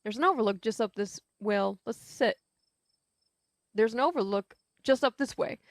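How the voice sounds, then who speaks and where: A woman's voice: fairly high pitch, moderate pace, no room sound, studio quality, close to an everyday voice. A woman voicing a stern, folksy old rural man with a drawl. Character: gruff old rural man with a bad hip.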